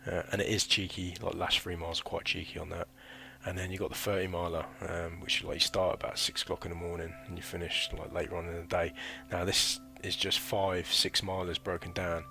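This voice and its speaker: A man's voice: low-pitched, little pitch movement, fairly quick, creaky, hardly any pauses, pushed and bright, soft background music. A man in his thirties telling a chatty, rambling story about his military training in a casual vlog. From United Kingdom. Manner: rambling and chatty, full of fillers and slang. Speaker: former recruit recounting training.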